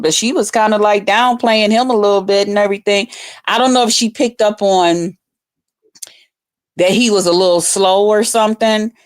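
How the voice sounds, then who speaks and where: Woman vlogger, mid-pitched voice, blunt and profane, breaks into loud excited outbursts. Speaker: vlogger reviewing a livestream contest. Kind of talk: casual commentary.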